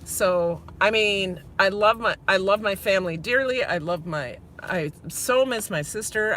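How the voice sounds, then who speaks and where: Woman, Minnesota accent, bright tone; rambling live-stream chat from her car. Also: mid-range voice, unhurried, hardly any pauses, a little hiss or hum. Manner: chatty, rambling, talks to viewers directly. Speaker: vlogger. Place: inside a car.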